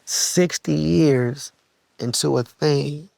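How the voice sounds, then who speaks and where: A man from Los with a gravelly voice, telling a personal story bluntly and candidly in an interview. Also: a little high, drawn-out words, a little mellow, no room sound. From Los Angeles, USA. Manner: blunt, profane, heartfelt, slips into voices when quoting. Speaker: guest musician and producer.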